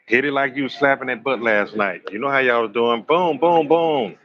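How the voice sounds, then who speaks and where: A man hosting a live astrology stream, telling raunchy comic stories in an animated, slangy way and joking with his chat. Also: medium pitch, moderate pace, highs cut off. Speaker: astrology livestream host. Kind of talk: live tarot reading with raunchy comic storytelling.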